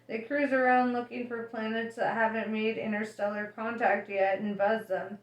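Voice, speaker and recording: A woman's voice: a little high, flat delivery, moderate pace, close to an everyday voice. A woman voicing a breezy, cheerful adult male alien traveler who talks in an offhand, matter-of-fact and slightly smug way. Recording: echoey room.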